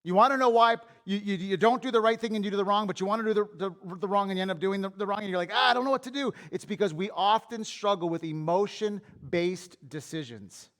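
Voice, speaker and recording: High-voiced pastor preaching candidly. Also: male voice, brisk, hardly any pauses, fairly bright tone. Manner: candid, conversational preaching with anecdotes; repeats and restarts words when worked up. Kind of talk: sermon. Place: church.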